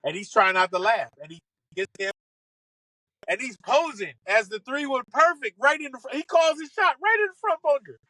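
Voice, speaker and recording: A man, a comedian guest on a podcast, telling funny stories in an animated, excitable way and acting out the lines of the people in them. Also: extremely high pitch, normal speed, dry recording, rough recording. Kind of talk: casual comic storytelling.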